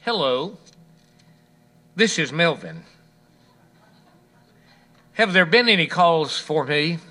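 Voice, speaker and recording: Patient, even-tempered father, voiced by a male preacher; slow and gentle. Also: sits high, heavily acted. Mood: calm. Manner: calm, gentle, deliberate. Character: calm, patient father teaching his daughter.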